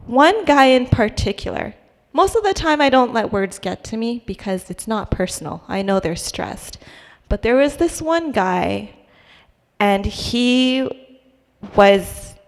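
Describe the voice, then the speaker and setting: A young adult woman with a creaky, mid-range voice shares a personal testimony at church, with long hall reverb on the recording. She speaks conversationally and hesitantly, often restarting and using fillers.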